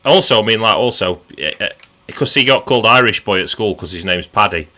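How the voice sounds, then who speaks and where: A man tells gossip on a comedy panel over a video call. His voice sits low but swoops about, with a very bright edge. He rambles and halts, full of fillers. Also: animated. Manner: rambling, halting storytelling. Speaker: team captain. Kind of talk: casual comedy banter.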